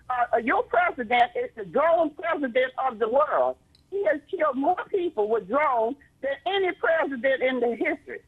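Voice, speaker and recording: A man calling in to a talk show, lecturing with many hesitant uhs. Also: very high-pitched. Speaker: caller. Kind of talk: call-in radio talk. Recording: tinny phone line.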